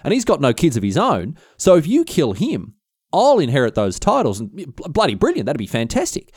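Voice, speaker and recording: A man's voice: on the high side, wildly swooping pitch, a little fast, darkish tone, husky, dry recording, clean studio sound, voice pushed up, exaggerated voice. A man voicing a cheeky, scheming noblewoman defending her castle, with a cocky, teasing, slangy manner. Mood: mocking, cheeky.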